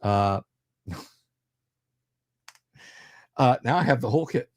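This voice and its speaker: A man of middling pitch hosts a laid-back livestream. He rambles and cracks jokes as he chats with his viewers. His voice sounds dry and close, with no room sound. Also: animated, slow, no echo. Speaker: livestream host. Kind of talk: casual livestream chat.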